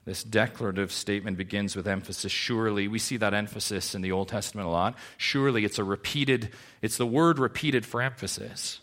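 A man's voice: on the low side, brisk, few pauses, a bit bright. A male pastor preaching a Sunday sermon in church, emphatic and full of rhetorical questions. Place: church service.

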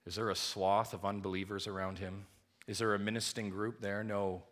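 A man preaching a sermon to his congregation, with booming high emphasis that drops to quiet, hushed lows. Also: flat delivery, fairly quick. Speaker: pastor.

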